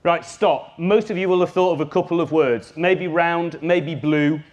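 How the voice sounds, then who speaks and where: A man giving a live workshop talk as a business trainer, lively and jokey, speaking straight to his audience. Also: fairly high pitch, normal speed, lo-fi sound.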